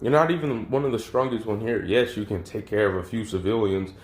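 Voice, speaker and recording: A man voicing a young male hero turned villain leader, who sneers at his followers and then breaks into high-pitched screaming. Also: a little fast, a little mellow, lightly acted. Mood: scornful. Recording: roomy echo.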